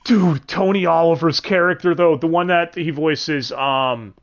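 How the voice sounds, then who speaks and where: A man hosting a casual livestream chat, animated, swearing freely and laughing often. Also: a little high, a little slow. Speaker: podcast host.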